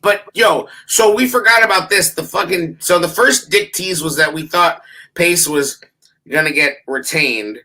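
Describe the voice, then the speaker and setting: A man with a very bright, forceful voice, pitched a little high, swears freely through a casual sports chat. He tells his stories with animated energy and bursts into shouting. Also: measured pace. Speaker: podcast co-host.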